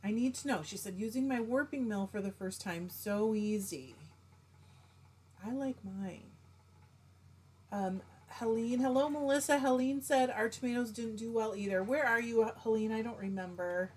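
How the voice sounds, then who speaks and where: A woman's voice: on the high side, normal speed, a little mellow, slightly rough. A middle-aged woman hosting a casual live stream, chatting and greeting viewers by name as she reads their comments.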